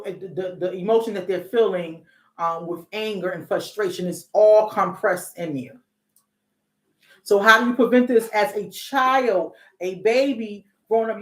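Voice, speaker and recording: Middle-aged woman host, therapist, AAVE speech, conversational, restarts and rhetorical questions, roomy echoing sound. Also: medium pitch. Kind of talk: casual talk on parenting and emotions. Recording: echoey room.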